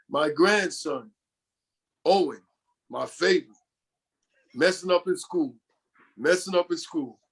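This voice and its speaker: A man's voice: fairly high pitch, creaky, husky. Older New York man telling stories. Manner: rambling, often quoting others. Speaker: podcast guest. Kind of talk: storytelling in an interview.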